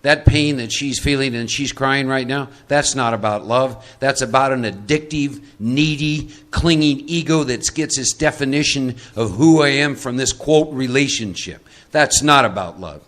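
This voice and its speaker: A man's voice: medium pitch, normal speed, few pauses, fairly bright tone. A man from Texas leading a live recovery workshop, emphatic and teasing, often checking that listeners follow. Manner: emphatic, teasing, asks for agreement.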